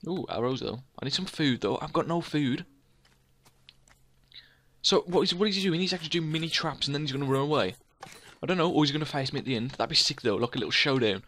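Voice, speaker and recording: A man doing excitable game commentary, humming sound effects and theme music as he plays. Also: mid-range voice, quick pace. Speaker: let's play gamer.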